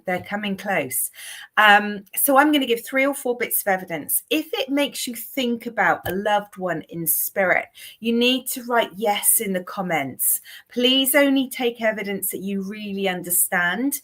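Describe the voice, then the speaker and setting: During a live-stream mediumship session, a woman from Southwest England speaks to viewers in a broad regional accent. Chatty and familiar, she calls them darling and sweetheart. Her voice is medium-pitched and slightly bright.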